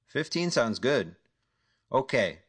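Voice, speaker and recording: A man's voice: mid-range voice, sing-song, slow pace, slightly rough, pitched above the performer's own voice, heavily acted. A man voicing a nervous male hustler who bluffs his way through a deal, speaking in hesitant, eager questions. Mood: uneasy.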